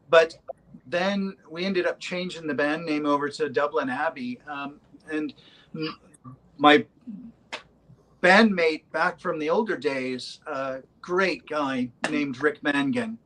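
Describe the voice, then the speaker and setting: Musician guest, male, rather high-pitched, chatty and meandering with plenty of ums. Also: takes it slowly, fairly bright tone, a little hiss or hum, low-quality recording. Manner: rambling, hesitant with many ums. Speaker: band member. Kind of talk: casual interview chat.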